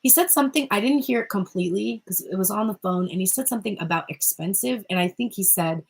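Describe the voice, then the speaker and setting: A young woman talks through a spiritual card reading at home in a loose, rambling way. She circles back on herself with fillers and restarts, and her voice sits at a middle pitch as she speaks into a phone or webcam. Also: fast talker, slightly rough, low-quality recording. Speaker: tarot reader.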